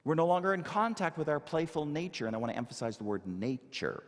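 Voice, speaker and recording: Animated preaching man in echoing hall. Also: fairly high pitch, fast talker. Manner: animated, emphatic preaching with rhetorical questions. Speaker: minister. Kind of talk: sermon. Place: church sanctuary. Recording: long hall reverb.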